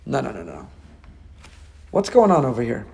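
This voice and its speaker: A man, a rabbi giving a Torah class, animated and acting out dialogue with rhetorical questions. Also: mid-range voice, normal speed, gravelly, slightly rough, long reverb tail.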